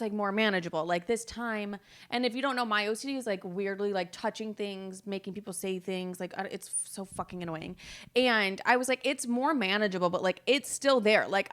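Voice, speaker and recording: A woman's voice: medium pitch, a bit bright. A woman in her twenties hosting her own podcast, chatting candidly and rambling, swearing freely and acting out quoted dialogue. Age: 20s. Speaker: podcast host. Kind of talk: casual chat.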